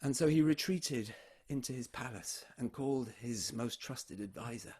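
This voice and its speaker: A man telling a folk tale aloud, animated and swinging between loud and hushed delivery. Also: mid-range voice, moderate pace, few pauses, husky. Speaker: storyteller. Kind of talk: oral folk storytelling.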